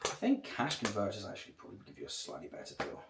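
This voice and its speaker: A man's voice: lowish voice, wildly swooping pitch, fast talker, heavy background noise. Rambling man on a livestream. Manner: rambling, swears a lot. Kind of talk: casual livestream chat. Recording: echoey room.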